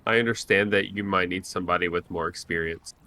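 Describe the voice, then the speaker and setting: A man's voice: low voice, steady tone, fast, bright, forceful tone. A man playing at a tabletop role-playing game, chatting casually in a playful way. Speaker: player. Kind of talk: casual chat.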